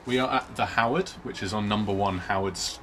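A man co-hosting a podcast, telling absurd made-up stories in a deadpan way. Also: lowish voice, brisk. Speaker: podcast co-host. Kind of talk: casual pub chat. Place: pub. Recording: noisy pub ambience.

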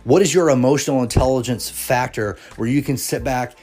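A man's voice: mid-range voice, brisk, darkish tone, soft background music. Earnest rambling male podcast host. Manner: earnest, rambling, frequent restarts and rhetorical questions. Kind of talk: casual solo podcast monologue.

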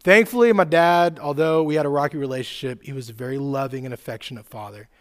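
A man in his thirties preaching a sermon to a live church audience, telling personal stories casually with lots of "like" and "right?", dropping soft and quiet then rising loud and excited. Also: mid-range voice, fast talker. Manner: conversational storytelling, fillers like "like" and "right?". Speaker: youth pastor.

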